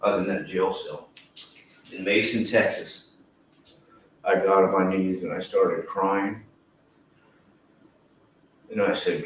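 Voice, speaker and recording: A man's voice: sits low, fairly even intonation, takes it slowly, long pauses. A man who streams, giving a rambling, earnest and emotional personal testimony and swearing freely. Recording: echoey room with faint noise.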